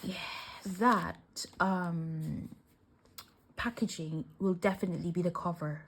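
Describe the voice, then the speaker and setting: Woman vlogger, teary and gushing, slow delivery, drifts into whispers, faint hiss. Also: on the low side. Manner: gushing, emotional, often dropping to a soft whisper. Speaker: craft vlogger. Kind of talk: casual unboxing chat.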